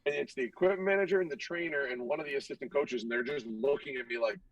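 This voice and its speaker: A young man, a hockey goaltender guest, telling stories in a casual, animated and profane way, acting out what others said. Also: fairly high pitch, fast talker, dry recording, recorded from a distance, dull audio. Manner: animated, profane, acts out other people's lines. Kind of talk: casual storytelling.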